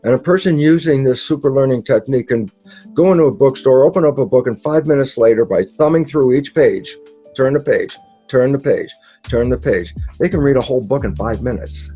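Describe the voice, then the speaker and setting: Man, interview guest, explanatory talk, animated, acted-out quotes, casual mild swearing, mellow tone. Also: a little fast, breathy edge, soft background music. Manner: animated, acts out quoted dialogue with sudden pitch jumps.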